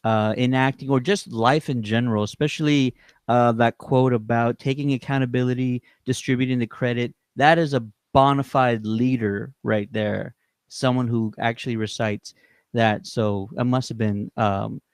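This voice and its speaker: A man's voice: medium pitch, fairly even intonation, moderate pace, smooth, no echo, clean studio sound. A man hosting a livestream interview, enthusiastic as he reads viewer questions on a video call. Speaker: streaming show co-host.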